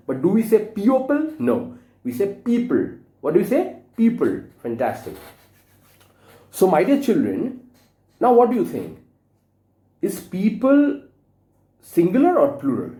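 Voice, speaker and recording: A man teaches grammar to young children, spelling out words and coaxing them to repeat after him. His voice is mellow but very lively in pitch. The sound carries the echo of a bare room.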